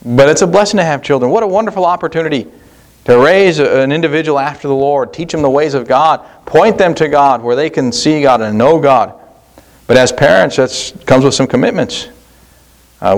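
A man's voice: mid-range voice, fairly quick. Man preaching a plain-spoken sermon. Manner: plain preaching with restarts and rhetorical questions. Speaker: pastor.

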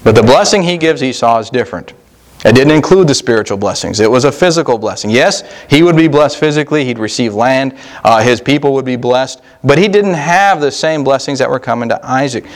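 A male pastor preaching a sermon in a folksy, conversational way, slowing down to stress key words. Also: medium pitch, animated.

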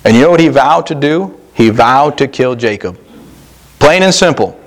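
A male pastor preaching a sermon in a folksy, conversational way, slowing down to stress key words. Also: mid-range voice, animated.

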